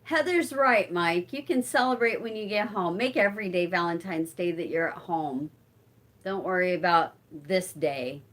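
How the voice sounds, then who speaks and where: On her casual live stream, a forties-aged woman who runs the channel chats with viewers and talks to her cat between answers. She has a lowish, fairly bright voice and keeps a moderate pace.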